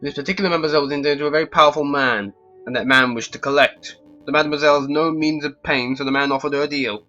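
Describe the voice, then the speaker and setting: A man voicing a suave, theatrical male fox con artist with a smooth, grandly dramatic delivery, in a game. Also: fairly high pitch, fairly even intonation, racing, pushed and bright, lo-fi sound, faint music behind. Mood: storytelling.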